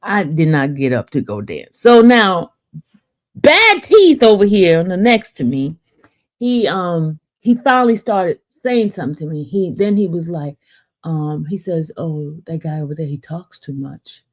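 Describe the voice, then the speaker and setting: A woman's voice: lowish voice, a little slow. Chatty woman telling a story. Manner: chatty, animated, often asks "right?" and addresses "y'all". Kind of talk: casual storytelling to viewers.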